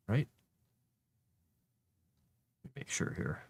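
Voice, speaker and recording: A man on a casual livestream, thinking aloud to himself as he formats a document and grumbling at the software. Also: low-pitched, big pitch swings, a little slow, no room sound. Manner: mutters to himself while working, grumbles at software.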